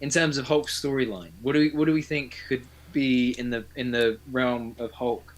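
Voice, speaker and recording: A man's voice: mid-range voice, steady tone, moderate pace. A man co-hosting a live stream, reading out viewer messages and hesitating over his own thoughts. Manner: hesitant, many fillers and restarts when speaking freely. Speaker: co-host. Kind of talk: casual chat.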